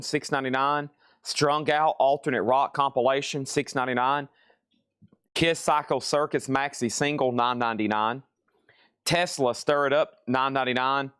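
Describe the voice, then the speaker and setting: A man's voice: mid-range voice, fairly bright tone, smooth, dry recording, studio quality. Man rattling off items and prices. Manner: brisk item-and-price listing, chatty asides. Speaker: live sale host. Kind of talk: live-stream sales patter. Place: record shop.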